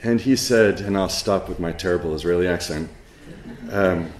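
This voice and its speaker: A middle-aged man giving a lecture, halting with many ums and uhs, with a dry sense of humor. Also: sits low, echoey room, a little hiss or hum. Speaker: professor giving a conference talk. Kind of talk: spoken lecture with an anecdote.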